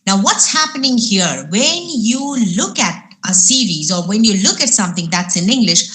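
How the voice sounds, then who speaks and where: An Indian woman trainer leads a live online lesson, her pitch rising and falling animatedly as she explains. She repeats key points and poses questions to her listeners before answering them herself. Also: animated, normal speed, a bit bright. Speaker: IELTS trainer. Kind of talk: live webinar lecture.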